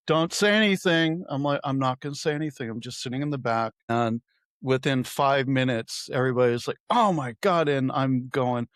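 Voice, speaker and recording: A man's voice: mid-range voice, no room sound. A middle-aged man co-hosting a podcast, telling wry, self-deprecating anecdotes in casual chat. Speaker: podcast co-host.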